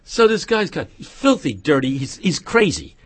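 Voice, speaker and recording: Raspy guy on a radio show, slightly high voice, jokey and animated storyteller. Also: normal speed. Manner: animated, joking, laughs often, drops to a hush for serious points. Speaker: radio guest. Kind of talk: casual chat and storytelling.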